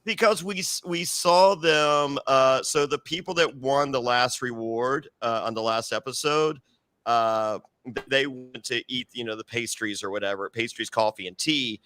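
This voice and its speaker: A man co-hosting a casual recap podcast, animated and laughing often as he acts out quotes. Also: mid-range voice, a little slow. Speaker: podcast co-host.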